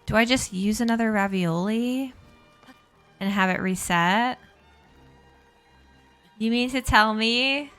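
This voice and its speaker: A woman's voice: fairly high pitch, slow pace, pauses often, fairly bright tone, clear, resonant tone, faint music behind. A woman live-streaming a game, chatting casually with viewers, thanking and greeting them and laughing often.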